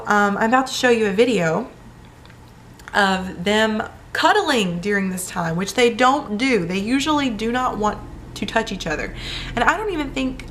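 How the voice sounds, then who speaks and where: A woman's voice: medium pitch, fairly bright tone, slight background noise. A young woman chatting in a casual vlog, telling a personal story with lots of fillers. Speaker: vlogger.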